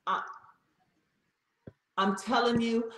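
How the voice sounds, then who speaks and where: Woman, casual faith talk, animated and slangy, bit high, recorded in an echoey room. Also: very slow, slight background noise. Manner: animated, slangy, repeats herself.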